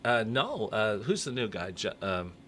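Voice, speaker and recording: A man co-hosting a local morning radio show, chatting casually and telling a joke with animated delivery. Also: on the low side, measured pace. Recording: radio studio with faint background noise.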